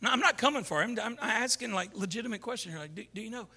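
A man preaches a sermon in a casual, animated way, wandering off on side paths and building up to shouts. His voice is very high and bright, with a sharp, tense edge. A long reverb rings around him in a large hall. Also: fast, husky.

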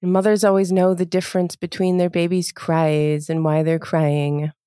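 A woman's voice: fairly low pitch, little pitch movement, moderate pace, mellow, clean tone, no room sound, clean studio sound. A woman co-hosting a casual podcast, blunt and sarcastic, swearing for comic effect. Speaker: podcast co-host.

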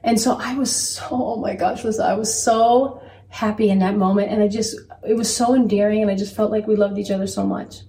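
A mother telling candid stories about parenting in an earnest, animated way as a guest. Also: mid-range voice, fairly quick, distant mic, a little hiss or hum. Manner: earnest, animated, quotes herself. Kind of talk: candid conversational storytelling. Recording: echoey room, voice from off-mic.

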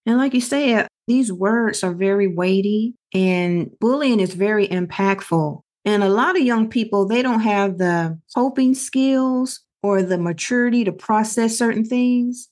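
A middle-aged woman co-hosts a casual podcast, her voice sitting at a medium pitch. She tells stories earnestly and acts out the other people's lines as she goes. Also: a little slow, hardly any pauses, a little mellow. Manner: earnest storytelling with quoted dialogue. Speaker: podcast co-host.

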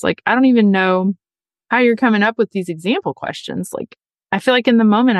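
Earnest chatty woman hosting a podcast, mid pitch, dry close mic. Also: no room sound. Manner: earnest and chatty, acts out quoted voices. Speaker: podcast host. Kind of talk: casual advice podcast monologue.

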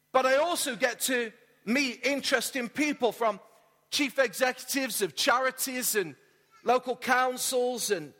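A man's voice: extremely high pitch, a bit bright. A man, a church pastor delivering a friendly, story-led sermon with light humour. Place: church auditorium. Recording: reverberant church hall.

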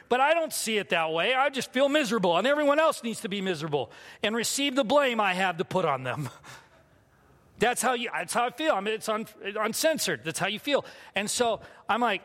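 A man's voice: high voice, lively intonation, brisk, bright, forceful tone. A man in his thirties preaching a sermon, telling a personal story in a candid, self-mocking way. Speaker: pastor. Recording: long hall reverb.

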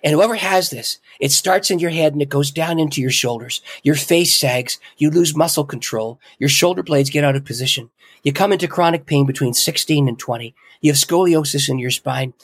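A man quoting a bishop with a thick accent, delivering a slow, solemn pronouncement. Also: fairly high pitch, husky, no room sound, studio quality.

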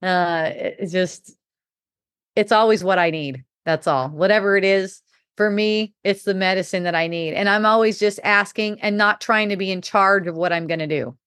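A middle-aged woman talks loosely and candidly, swearing casually and breaking into laughter. She rambles through restarts at a middling pitch. The sound is dry and close, with no room around it. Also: moderate pace, fairly bright tone, clean tone, dry recording. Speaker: podcast host. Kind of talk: casual spiritual talk.

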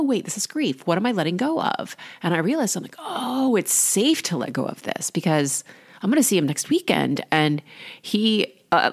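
A woman's voice: lowish voice, vocal fry. A woman in her forties, a life coach hosting her own podcast, telling a candid personal story in a chatty way. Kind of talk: solo podcast monologue.

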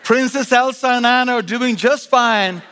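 A middle-aged man from Sweden with a Swedish accent, preaching a lively sermon with joking asides and frequent restarts. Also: very high voice, moderate pace, a little hiss or hum. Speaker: guest pastor. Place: large church auditorium. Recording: live sermon with long hall reverb.

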